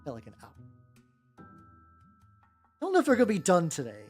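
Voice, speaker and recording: A woman's voice: lowish voice, wildly swooping pitch, moderate pace, slightly rough. A young woman chatting casually on a stream while painting miniatures, rambling with lots of fillers and casual swearing. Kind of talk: casual livestream chat. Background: soft background music.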